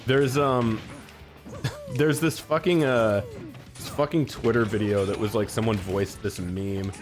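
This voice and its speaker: A man's voice: lowish voice, steady tone, unhurried, over music. A man streaming a fighting game, bantering casually with a friend, joking and swearing, slipping into mock-dramatic voices.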